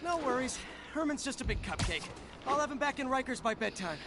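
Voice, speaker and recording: An actor voicing a breezy, wisecracking young superhero in a game. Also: male voice, very high-pitched, animated, a little fast, heavy background noise. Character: quippy young masked superhero.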